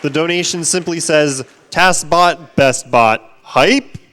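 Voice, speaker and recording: A man's voice: fairly high pitch, normal speed, some chatter behind. A man with a slightly raised voice reads donation messages aloud at a live gaming marathon. He sounds upbeat and keeps pushing the audience to give toward the next goal. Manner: upbeat, urging viewers to donate. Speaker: donation reader. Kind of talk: live charity stream donation reading. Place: event stage.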